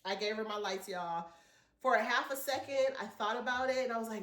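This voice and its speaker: A woman's voice: mid-range voice, moderate pace, a bit bright, echoey room. A woman vlogger, chatting casually and telling a rambling story to her viewers. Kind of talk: casual chat to camera.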